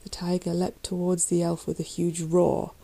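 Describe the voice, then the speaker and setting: Female narrator for a children's fantasy book, low and mellow, reads dramatically. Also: level tone, moderate pace, creaky, husky, poor audio. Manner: dramatic reading, raising voice for shouted lines. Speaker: audiobook reader. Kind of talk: storybook narration.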